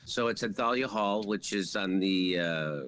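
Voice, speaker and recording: A man's voice: lowish voice, a little slow, fairly bright tone, a little hiss or hum. A man appearing as a comedian guest over a video call, rambling with many fillers. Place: room at home.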